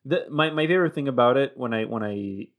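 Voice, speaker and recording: A man's voice: mid-range voice, expressive, fast talker. Man, casual and rambling. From Romania. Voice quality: swears and laughs often while rambling. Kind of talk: casual chat.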